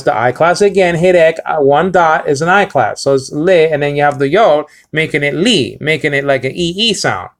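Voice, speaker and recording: Halting man sounding out words slowly. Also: on the high side. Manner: halting, many fillers and restarts, slows to sound out words. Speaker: Bible language teacher. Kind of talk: informal language lesson.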